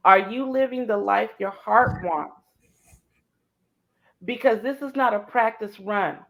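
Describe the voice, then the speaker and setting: A middle-aged woman, a motivational speaker guest in an interview, telling an emotional story, swinging from soft to shouting. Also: medium pitch, rough recording.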